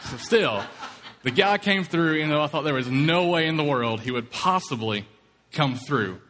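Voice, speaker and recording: A man's voice: on the high side, animated, moderate pace, background noise. A man from Kentucky preaching a sermon, telling a story and acting out quoted voices. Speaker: pastor. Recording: long hall reverb.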